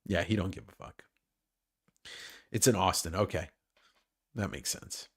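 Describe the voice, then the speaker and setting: A man's voice: low voice, a little slow, breathy edge. A man hosting a casual livestream chat about comics who rambles, jokes and swears freely. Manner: rambling, joking, profane. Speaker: host.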